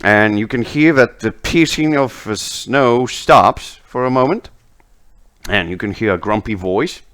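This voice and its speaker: Give me a relaxed, slow-talking man as game master of an online tabletop game. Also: medium pitch. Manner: relaxed, chatty, laughs often. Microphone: home microphone, online session.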